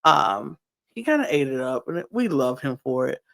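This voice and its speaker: A woman co-hosting a casual podcast that recaps reality TV, talking in an animated way and firing off incredulous rhetorical questions. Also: a bass voice, normal speed, gravelly. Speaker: podcast co-host.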